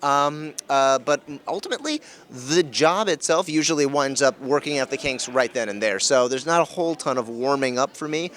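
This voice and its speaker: A man giving a casual convention interview as a voice-actor guest, energetic and quick with jokes. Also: mid-range voice. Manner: energetic, jokey, quick quips.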